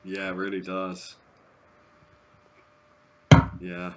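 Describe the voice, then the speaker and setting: A man with a very low voice chats as a guest. He speaks in halting bursts, stopping and restarting his thoughts, and throws in crude jokes. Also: monotone, a bit bright. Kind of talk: casual podcast chat.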